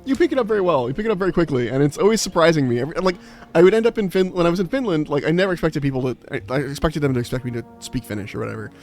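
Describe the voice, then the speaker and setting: A man's voice: a little high, lively intonation, rapid-fire, darkish tone, faint music behind. A man streaming live and chatting casually with viewers, rambling with lots of restarts and fillers. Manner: rambling, full of restarts and filler, laughs often. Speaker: game streamer.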